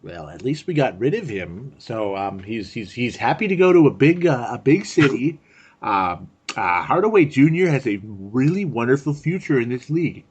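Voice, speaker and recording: A man co-hosting a casual sports podcast, chatty and quick to laugh, often repeating a word for effect. His voice sits mid-range, and the audio is dull and lo-fi. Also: mid-range voice, big pitch swings, slightly rough. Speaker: podcast co-host.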